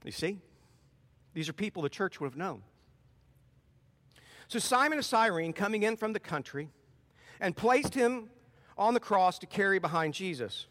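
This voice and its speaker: A man's voice: high-pitched, lively intonation, moderate pace, long pauses, fairly bright tone. A man preaching a sermon, reading scripture aloud with rising emphasis and then explaining it plainly. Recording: long hall reverb.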